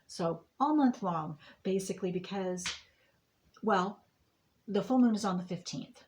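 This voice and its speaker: A woman's voice: mid-range voice, a little slow, a little mellow, a little hiss or hum. Woman, reader of a monthly intuitive forecast; meandering, reassuring delivery, mid-range voice. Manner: meandering, rambling with many fillers and restarts. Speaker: astrology and tarot reader. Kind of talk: monthly intuitive reading to viewers.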